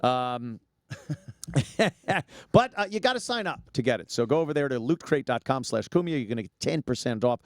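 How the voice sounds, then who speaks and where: A man's voice: mid-range voice, animated, moderate pace, dry recording, studio quality. A man hosting a casual talk show, joking around and doing a rambling live ad read with frequent laughs. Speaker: podcast host.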